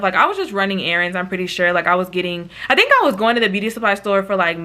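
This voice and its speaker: A woman telling a story in a casual vlog, animated and chatty, talking straight to her viewers. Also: medium pitch, fast. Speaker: vlogger.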